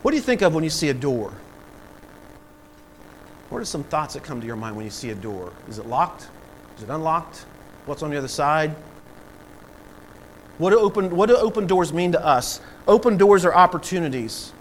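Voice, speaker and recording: A pastor preaching with a fairly high voice, acting out the people in his stories and then building up loud. Faint background noise sits under the recording. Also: very animated, moderate pace, pauses often, rough recording. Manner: preaching with acted-out voices and swells of volume. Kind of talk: sermon.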